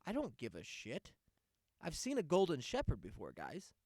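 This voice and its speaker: A man's voice: fairly high pitch, wildly swooping pitch, normal speed, a little mellow, slightly rough, no echo, studio quality. A man hosting a podcast, going on a sarcastic, profane rant in a casual monologue. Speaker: podcast host.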